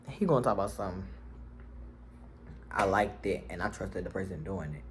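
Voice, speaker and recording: A man casually telling a personal story to his viewers, slangy and animated, jumping to high yells when he quotes himself. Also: brisk, pauses often, a little hiss or hum. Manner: animated, slangy, swings to shrill yelling when quoting himself.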